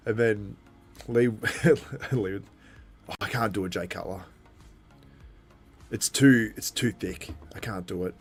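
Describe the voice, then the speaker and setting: A man casually commenting on a live event for his stream, chatty and quick to restart his sentences. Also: fairly low pitch, slightly rough, soft background music. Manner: chatty, with frequent restarts and laughter. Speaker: livestream host.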